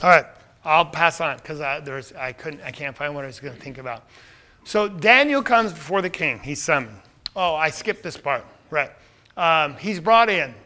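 A man's voice: on the high side, animated, normal speed, sharp tone. A man teaching a Bible study in a conversational way, often checking in with listeners.

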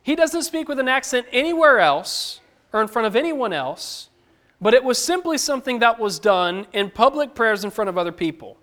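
Male preacher, high-pitched, earnest and conversational sermon delivery. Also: sing-song, moderate pace, fairly bright tone. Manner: earnest, conversational, asks the listeners direct questions.

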